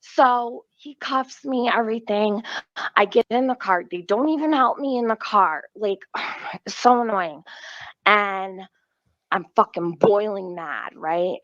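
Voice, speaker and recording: A woman tells a story in a played clip, animated and profane, voicing the quotes as she goes. The sound is dull and dry, with a muffled top end. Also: mid-range voice, slow pace, no room sound.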